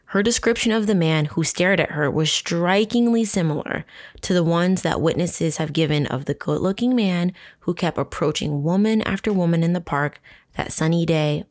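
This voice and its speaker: Young woman hosting a true crime podcast; lower voice, loose, swearing, animated storyteller. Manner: casual, profane, animated storytelling. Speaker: podcast host.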